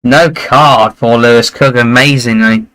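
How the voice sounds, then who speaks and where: Man, watchalong host, bright clear voice, excitable chatty commentary. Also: mid-range voice, unhurried, low-quality recording. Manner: excitable, chatty, reacts loudly to play. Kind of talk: live match commentary and chat.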